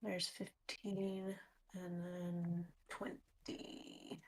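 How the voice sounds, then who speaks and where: A woman playing a tabletop game, answering quietly in brief, breathy replies. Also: fairly low pitch, monotone, extremely slow. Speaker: player. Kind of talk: casual tabletop play.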